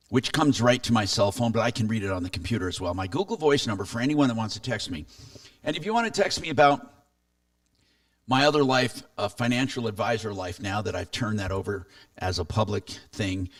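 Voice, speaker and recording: A man's voice: medium pitch, animated, moderate pace, fairly bright tone, no echo, distant mic. A man hosting a consumer talk radio show, chatting casually and reading listener texts aloud.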